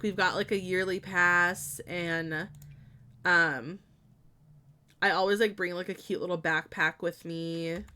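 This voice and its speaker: A woman's voice: fairly low pitch, pushed and bright. A young woman streaming a building game, chatting casually with lots of fillers and giggles.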